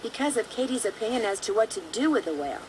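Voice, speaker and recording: A composed young female sleuth from a mystery game. Her voice sits high and moves with a lively lilt, yet she stays calm and factual. There is faint room tone under her lines. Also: fast, slight background noise, poor audio. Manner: calm, matter-of-fact. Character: young female amateur detective, level-headed. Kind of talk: video game voice acting.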